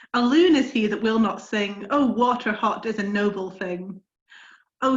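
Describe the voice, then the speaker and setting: A woman's voice: medium pitch, fairly bright tone. Woman reading verse over a roomy call. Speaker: reader. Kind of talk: reading a book passage aloud on a live call. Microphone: video call. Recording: dull, roomy video call audio.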